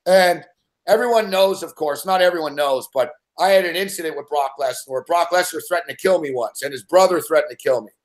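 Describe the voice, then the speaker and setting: A man hosting a betting show, telling a story in a rambling, excitable way and swearing constantly. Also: on the high side, fairly quick. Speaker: sports betting show host. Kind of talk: profane casual storytelling.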